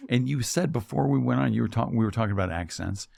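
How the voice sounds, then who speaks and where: A man's voice: medium pitch, fast talker, gravelly, mellow, no room sound. A man hosting a radio interview, asking easy questions with dry, teasing asides. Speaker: radio host. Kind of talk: casual interview.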